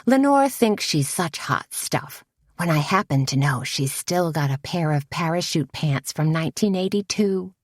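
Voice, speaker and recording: A woman's voice: low voice, lively intonation, unhurried, no room sound, studio quality. Woman reading as a sassy café partner who drawls and gossips.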